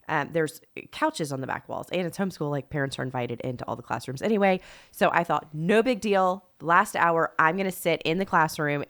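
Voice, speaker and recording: A middle-aged woman co-hosting a podcast, telling stories in a casual, animated way and acting out the dialogue. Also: deep voice. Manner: animated, acts out quoted dialogue. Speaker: podcast co-host. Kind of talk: casual storytelling chat.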